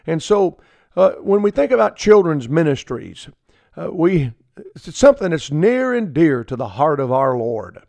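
A man's voice: on the high side, very animated, normal speed, creaky, a little mellow, dry recording. A middle-aged man preaching a folksy radio sermon, acting out the people he quotes.

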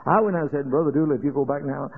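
A man preaching, telling a story in a folksy, halting way with many fillers and rising to loud warnings. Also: on the high side, gravelly, husky. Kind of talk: storytelling sermon. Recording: tinny old radio broadcast.

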